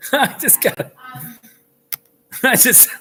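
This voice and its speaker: A man's voice: very high voice, very slow, pushed and bright, rough recording. A man chatting casually and rambling on a live stream from a coffee shop, chuckling often as he talks. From United States.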